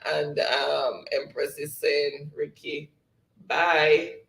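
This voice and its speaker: A slow-talking Jamaican man hosts a casual live-stream quiz, reading viewers' chat messages aloud and chuckling often. His voice is gravelly and sits a little high for a man. The sound is echoey, as if from a bare room. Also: flat delivery, fairly bright tone.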